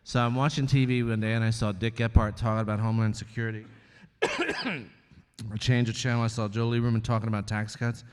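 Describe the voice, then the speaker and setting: A male comedian as guest in a live on-stage conversation, talking candidly and wryly, often halting and restarting. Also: medium pitch, steady tone, clean tone, big-room sound. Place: stage at an arts venue before an audience.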